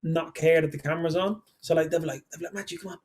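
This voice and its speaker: A young man in his twenties chatting on a podcast, rambling and stacking fillers as he goes. His voice sits slightly higher than most men's. He downplays himself easily. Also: steady tone, fast, a loud crowd. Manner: rambling, filler-heavy, self-deprecating. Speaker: podcast guest, songwriter. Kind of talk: casual podcast chat.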